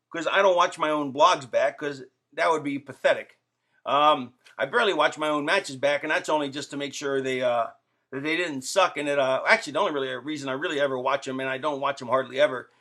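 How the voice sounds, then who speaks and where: A man's voice: on the high side, sharp tone. A middle-aged man rambling jokily to his fans in a casual vlog to camera, full of fillers and asides. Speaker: wrestler vlogging to fans. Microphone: camera facing the speaker.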